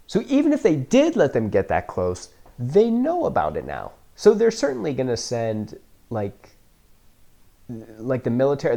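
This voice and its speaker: A man riffing through a film he has never seen, with a mellow, low-toned voice that swings up and down a lot. He jokes, swears freely and laughs often. It is casual reaction commentary with dry sarcasm. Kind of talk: casual first-time movie reaction commentary.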